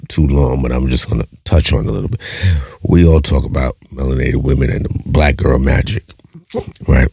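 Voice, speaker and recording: A man's voice: very deep voice, darkish tone, breathy edge, no echo, clean studio sound. A man hosting a podcast, talking bluntly and profanely, firing off rhetorical questions and repeating himself. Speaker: podcast host. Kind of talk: casual monologue.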